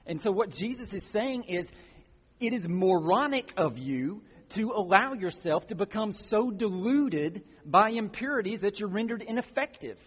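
A man's voice: high voice, animated, moderate pace, breathy edge. A man preaching a sermon as pastor, explaining a passage in a teaching way and building to emphatic exhortations. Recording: muffled sound with long hall reverb.

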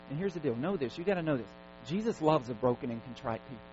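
A male pastor preaching a sermon, driving his points home through repeated commands. His voice sits at an ordinary middle pitch. The recording sounds dull and lo-fi, with a faint mains hum underneath. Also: lively intonation, fast, a little mellow. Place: church service.

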